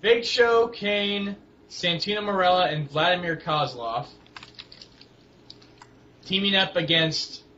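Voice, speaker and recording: A young man co-hosting a casual wrestling chat, rambling and halting, with lots of fillers and restarts. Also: high voice, bright, forceful tone. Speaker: co-host of a wrestling blog. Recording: dull lo-fi home recording with faint hiss.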